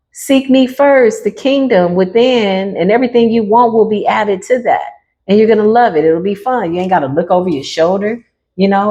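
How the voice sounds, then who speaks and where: A woman with a mid-range, darkish voice gives a casual, playful tarot reading directly to her viewers. She laughs often and talks in slang.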